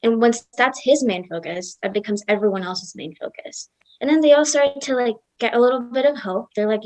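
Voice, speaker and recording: A young woman telling a devotional story at a satsang in a casual, lively way, acting out the characters' lines. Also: on the high side, brisk, dry recording, low-quality recording. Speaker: satsang speaker.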